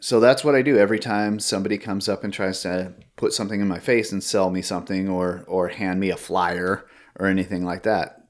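A man hosting a podcast in casual chat with his wife, telling stories in a jokey, animated way. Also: sits low, brisk, few pauses. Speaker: podcast host.

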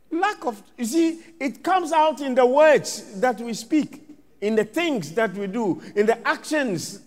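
High-voiced preacher in a reverberant hall. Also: male voice, very animated, a little slow. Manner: dramatic swings between loud and hushed, acts out scenes. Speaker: pastor. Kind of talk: sermon. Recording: long reverb of a large hall.

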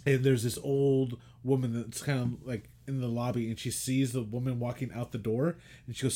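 A man's voice: mid-range voice, moderate pace. A man co-hosting a podcast, retelling an old movie in casual chat, acting out quotes and swearing freely. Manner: animated storytelling, acts out quotes, swears and laughs. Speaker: podcast co-host.

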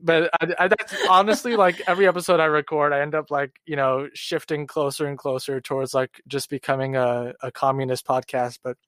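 A man co-hosting a podcast, talking in a halting, rambling way with many fillers. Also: fairly high pitch, fairly even intonation, fairly bright tone, dry recording, studio quality. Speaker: podcast co-host. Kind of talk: casual podcast chat.

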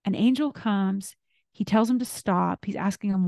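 A woman's voice: medium pitch, a little fast, vocal fry, dark tone, no echo, studio quality. A woman hosting a faith podcast, retelling scripture stories in a casual way with asides and fillers. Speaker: podcast host.

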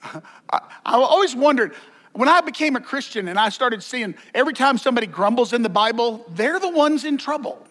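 A man's voice: extremely high pitch, lively intonation, brisk, fairly bright tone. A man preaching a sermon as pastor, conversational, with joking asides and repeated words.

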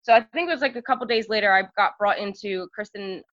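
A woman's voice: mid-range voice, fast, fairly bright tone, dry recording. A woman telling stories as a podcast guest, chatty and full of fillers. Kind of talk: casual storytelling. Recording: dry, slightly dull lo-fi sound.

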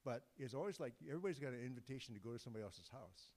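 A man delivers a sermon in an easygoing, joking way, often breaking off and restarting his phrases. His voice sits at an ordinary middle pitch. The sound rings out with the long reverb of a large church sanctuary. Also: expressive, very fast, darkish tone. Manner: informal, joking, conversational with restarts. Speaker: guest preacher.

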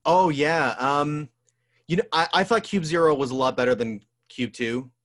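A man's voice: fairly high pitch, normal speed, a bit bright. A man co-hosting a podcast in casual chat, rambling and filling gaps with "um" and "like". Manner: rambling, full of "um" and "like". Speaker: podcast co-host. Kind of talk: casual chat about movies.

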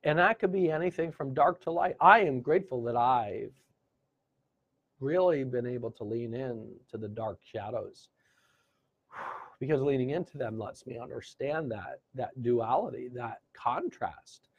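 A man's voice: mid-range voice, a little slow, breathy edge, narrow, tinny audio. A man hosting a live gratitude session, encouraging viewers and reading out their comments. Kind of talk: live-stream motivational talk.

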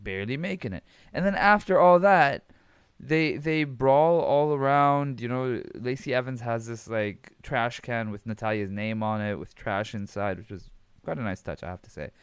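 A man's voice: medium pitch, clean tone, dry recording. A man hosting a casual podcast, rambling and swearing freely while recapping wrestling, laughing often. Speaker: podcast host.

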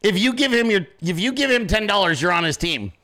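High, bright-voiced man ranting. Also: expressive, a little fast. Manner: crude, mocking, loud impressions. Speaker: podcast host. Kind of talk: ranting commentary.

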